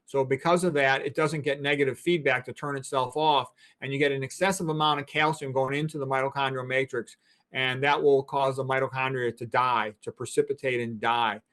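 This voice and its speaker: A man's voice: medium pitch, steady tone, brisk, fairly bright tone. A man in his sixties, a physician and guest, explaining things in a blunt, emphatic, lecturing way. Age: 60s. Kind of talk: interview talk.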